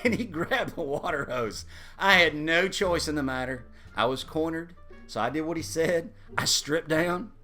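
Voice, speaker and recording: A man telling a funny personal story in a casual, animated way and chuckling through it. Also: on the high side, moderate pace, faint music behind.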